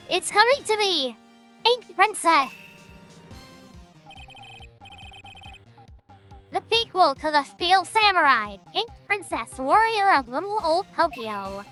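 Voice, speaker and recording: A woman's voice: sits high, bright, forceful tone, exaggerated voice. A woman putting on a grandiose eccentric TV director.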